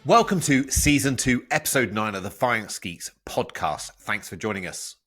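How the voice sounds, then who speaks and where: A man hosting a podcast, chatting casually and teasing his co-host with quick questions. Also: fairly low pitch, animated, fairly bright tone, breathy edge, faint music behind. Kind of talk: casual chat.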